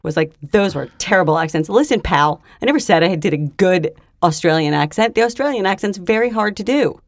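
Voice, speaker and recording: A woman with a slightly low voice chats and tells stories in an animated way on a casual podcast. The recording is dry and close, with no room sound. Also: a little fast, no echo. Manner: chatty, animated storyteller. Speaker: podcast co-host. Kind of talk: casual chat.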